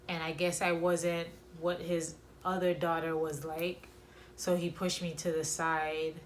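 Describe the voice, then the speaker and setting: A woman telling a painful personal story to camera, reflective, with many pauses and fillers. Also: lowish voice, fairly bright tone, slight background noise. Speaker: vlogger sharing a personal story.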